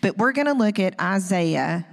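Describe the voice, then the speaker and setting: A woman's voice: medium pitch, lively intonation, moderate pace, gravelly. A woman in her fifties delivers a heartfelt teaching message at a women's gathering. Her tone is earnest and personal, with easy asides to the audience. Her mid-range voice rings through a large hall with a long, trailing reverb. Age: 50s. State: close to tears. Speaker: women's ministry speaker.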